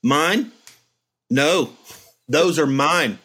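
A man's voice: a little high, lively intonation, extremely slow, fairly bright tone, breathy edge. Reflective man telling family stories. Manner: reflective, storytelling with acted-out quotes. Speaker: podcast host. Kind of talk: casual chat.

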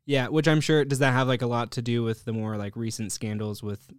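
A man hosting a podcast interview, curious and encouraging, with a quick laugh. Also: mid-range voice, flat delivery, smooth, no room sound, clean studio sound. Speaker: podcast host. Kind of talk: interview chat.

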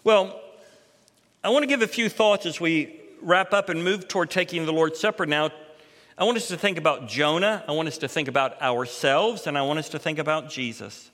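A middle-aged man delivers an expository sermon from the pulpit. His voice sits high and bright, and it climbs and swells when he stresses a line. Long reverb from the sanctuary trails each phrase. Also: moderate pace. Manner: expository preaching, rising in pitch and force for emphasis. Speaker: pastor.

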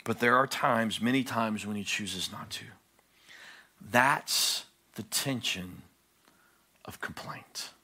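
A male pastor preaching a sermon, swinging from hushed low phrases to loud, high-pitched pleading. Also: takes it slowly, pauses often, husky.

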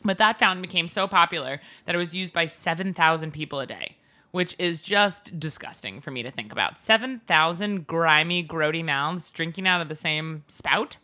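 A woman hosting a casual chat show, easygoing and jokey, with flashes of mock outrage. Her voice sits a little low but sounds bright and forward. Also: normal speed. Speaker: podcast co-host.

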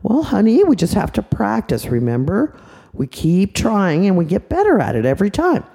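A woman voicing a patient young mother in a storybook tale, calm and coaxing. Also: medium pitch, normal speed, creaky, husky, big-room sound, heavily acted. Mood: encouraging.

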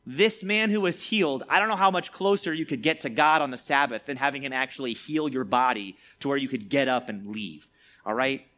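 Brisk and sharp-toned at a medium pitch, a youth preacher talks through a Bible lesson in a relaxed, chatty way. His speech is full of "like" and tag questions like "all right?"

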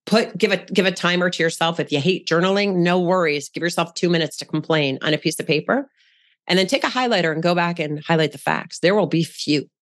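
A woman's voice: lowish voice, fairly quick. A woman speaking as a podcast guest in casual conversation, frank and down-to-earth, with a coaching tone.

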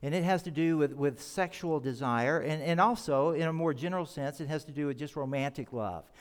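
A man's voice: a little high, fairly quick. Earnest male pastor in a reverberant hall. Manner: earnest, explanatory, emphatic on key words. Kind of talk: sermon. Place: church sanctuary.

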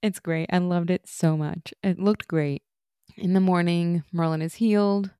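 Low, mellow-voiced chatty woman. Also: fairly even intonation, measured pace, clear, resonant tone, no echo, studio quality. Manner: chatty, laughs often. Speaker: podcast co-host. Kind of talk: casual recap chat.

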